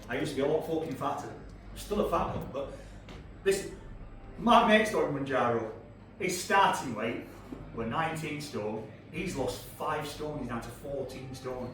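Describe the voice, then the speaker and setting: Onstage at a comedy club, a sweary, brash Yorkshire comic in his fifties teases the crowd through his storytelling at normal speed. His fairly high voice has lively intonation and a fairly bright tone, caught far from the mic in an echoey room with a little hiss or hum and audience laughter.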